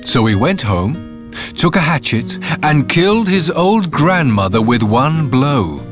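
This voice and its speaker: A man reading a fairy tale aloud in an expressive, measured way, with faint music behind. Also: mid-range voice. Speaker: narrator. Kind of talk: storybook narration.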